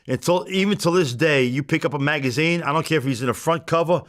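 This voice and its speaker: A man's voice: on the high side, quick pace, fairly bright tone. A man in his seventies, an interview guest telling a blunt, profane anecdote in punchy, casual storytelling. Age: 70s.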